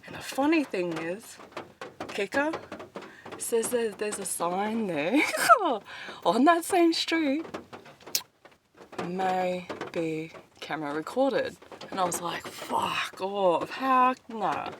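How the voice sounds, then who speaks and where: A woman's voice: mid-range voice, big pitch swings, slow pace, pauses often, noisy background. A woman with an Australian accent, talking in a meandering, casual vlog from a parked car, laughing often and swearing casually. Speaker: vlogger. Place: inside a parked car, back seat.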